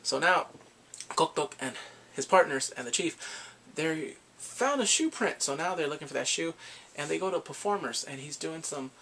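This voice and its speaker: A young man giving a casual, excitable recap of a drama, often laughing and acting out what the characters say. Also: on the high side, moderate pace, a little hiss or hum. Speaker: drama reviewer.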